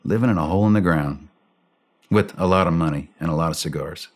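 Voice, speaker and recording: A middle-aged man, a former special operations soldier, telling a war story in a podcast interview, animated and blunt, acting out the dialogue. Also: deep voice, quick pace.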